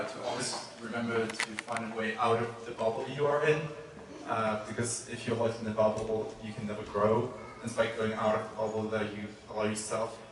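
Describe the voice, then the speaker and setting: A man giving gentle advice to a graduate at a party. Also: medium pitch, background noise. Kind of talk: casual speech. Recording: echoey room from far off, clicks.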